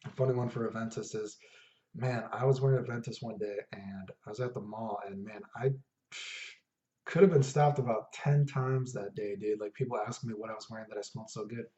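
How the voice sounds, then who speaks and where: Casual male vlogger, rambling storyteller, warm dark voice, dull lo-fi echoey recording. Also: lowish voice, fairly even intonation, fairly quick. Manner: rambling, laid-back, many fillers and asides. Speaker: fragrance vlogger. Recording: echoey room, dull lo-fi sound.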